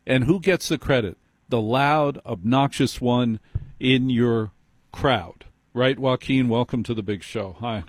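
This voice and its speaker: A man's voice: mid-range voice, a little slow, no room sound, clean studio sound. A man hosting a late-night call-in radio show, wry and teasing, who cuts in on his callers. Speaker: radio talk show host. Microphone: studio microphone.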